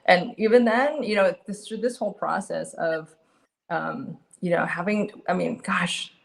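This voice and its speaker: A middle-aged woman giving a candid personal testimony as an interview guest, earnest and halting with frequent restarts. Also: on the low side, vocal fry.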